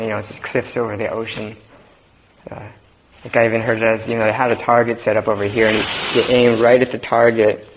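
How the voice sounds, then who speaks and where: A man giving a Zen dharma talk in a relaxed, halting way, with many fillers and soft laughs. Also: lowish voice. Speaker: Zen teacher. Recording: dull lo-fi recording with faint noise.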